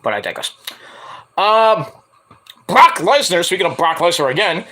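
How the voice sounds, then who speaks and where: A man hosts his own stream, running through wrestling news in a loose, rambling way, with plenty of jokes and swearing. His voice sits high and bright, and it is worn hoarse from a night of screaming. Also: big pitch swings, normal speed. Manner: rambling, joking, profane. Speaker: stream host.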